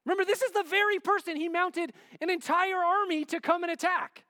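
A man preaching a sermon in a relaxed, conversational way, often checking in with "right?" and filler "like". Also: very high voice, fairly quick, no room sound, big-room sound.

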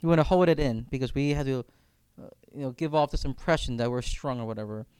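A man's voice: mid-range voice, quick pace, a little mellow, smooth, no echo. A man leading a reflective faith discussion as campus minister, speaking earnestly and often repeating words as he thinks aloud.

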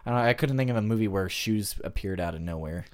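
A man's voice: lowish voice, fast talker. A man hosting a podcast, walking through a film's plot in an easygoing, casual way. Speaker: podcast host. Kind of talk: casual chat about a film.

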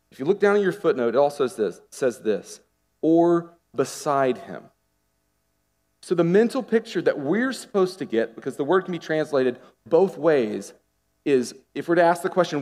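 A man preaching a sermon in a lively, conversational way, asking the congregation questions as he goes. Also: mid-range voice. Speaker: pastor. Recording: long hall reverb.

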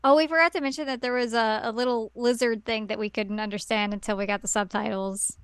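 A woman's voice: a little high, steady tone, quick pace, clean tone, no room sound, studio quality. A woman co-hosting a casual chat, playfully chiming in with quips while recapping a cartoon episode. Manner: laughing, playful, chimes in with quips. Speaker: podcast co-host.

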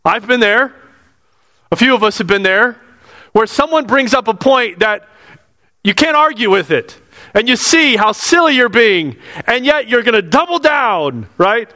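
A man's voice: very high-pitched, lively intonation, unhurried, pushed and bright. A pastor preaching a sermon in earnest, repeating his phrases and asking the congregation questions. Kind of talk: expository sermon. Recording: long hall reverb.

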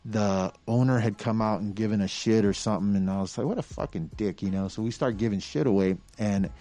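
A man spins a profane, lively yarn in a relaxed chat. He swears freely and acts out each quote as he goes. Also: on the low side, fairly quick, faint music behind. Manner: profane, animated storyteller who acts out quotes. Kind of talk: casual storytelling chat.

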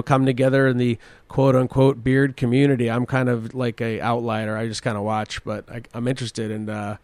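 A man's voice: mid-range voice, dry recording. A man hosting his own comedy podcast, rambling and swearing freely as he riffs on news stories and his week. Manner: crude, rambling, swears often, laughs at himself. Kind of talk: casual solo podcast commentary.

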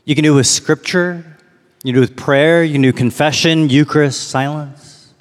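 A man preaching a sermon as pastor, reflective, slowing down to read and linger on lines. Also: a little high, fairly even intonation, big-room sound.

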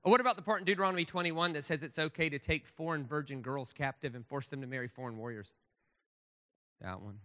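A man with a high, ringing voice preaches a sermon. He is emphatic and restarts his phrases often. His voice carries a long reverb from a church sanctuary. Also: quick pace, pushed and bright. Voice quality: emphatic, with lots of stammered restarts.

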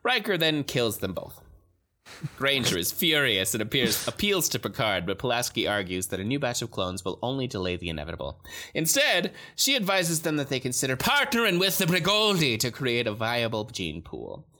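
A man's voice: mid-range voice, very animated, moderate pace, pushed and bright. A man co-hosting a podcast in casual chat, recapping an episode and joking with frequent laughter. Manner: laughs often, joking and playful. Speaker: podcast co-host.

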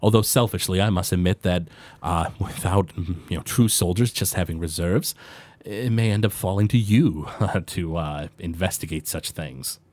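A man voicing a formal male military commander, speaking in a measured, halting way. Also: low voice, a little mellow, dry recording.

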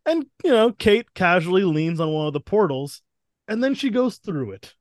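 A man's voice: high-pitched, sing-song, moderate pace, no room sound, studio quality. A man co-hosting a podcast, retelling story events in casual chat and acting out characters' lines. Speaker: podcast co-host.

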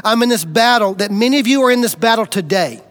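A man with a notably high voice delivers a storytelling sermon to his congregation. He speaks plainly, with folksy humor, and he is middle-aged. His delivery swings from loud, emphatic bursts down to hushed, earnest intensity. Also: animated, fast talker. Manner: dramatic, shifts between loud bursts and quiet intensity. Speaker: preacher.

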